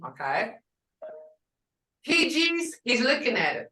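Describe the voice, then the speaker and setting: A woman's voice: on the high side, sing-song, takes it slowly, pushed and bright. A woman teaching a language class, drilling words aloud and asking students whether each sound is short or long. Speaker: language instructor. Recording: roomy classroom audio from far off.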